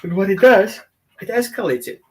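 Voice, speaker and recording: A man's voice: sits high, expressive, moderate pace, darkish tone. A man teaching as a dog trainer in a casual, conversational way, often asking his audience questions. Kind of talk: informal teaching talk.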